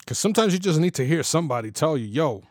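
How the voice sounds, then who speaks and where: A man's voice: fairly high pitch, expressive, very fast, no room sound, clean studio sound. A middle-aged man telling a personal story in a loose, conversational way, full of slang and fillers, acting out the dialogue he quotes. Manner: loose and conversational, many "you know" fillers, slang and swearing.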